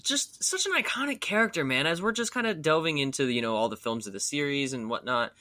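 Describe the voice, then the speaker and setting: A man with a bright, fairly high voice talks horror films with his co-host, his pitch jumping around as he gets animated. The sound is dry and close, with no room behind him. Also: fast talker, no echo. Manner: animated, laughs often, acts out quotes. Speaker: podcast co-host. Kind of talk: casual film chat.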